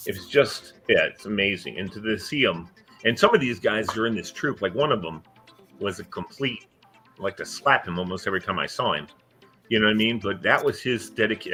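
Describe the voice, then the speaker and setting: An older man, a podcast host and former school coach, telling stories in casual chat and acting out the kids he quotes. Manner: animated storyteller acting out quoted kids in a higher voice.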